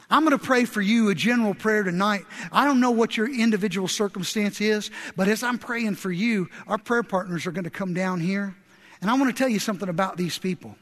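A man with a strikingly high voice preaches a sermon, telling a folksy story and then building to impassioned exhortation. His voice rings with the long reverb of a large church sanctuary. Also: a bit bright. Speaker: pastor.

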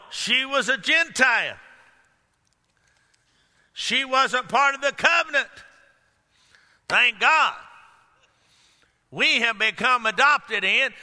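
High-pitched, bright-voiced preacher man. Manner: emphatic, rises to shouts, asks the congregation questions. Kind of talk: sermon. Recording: echoey hall with long reverb.

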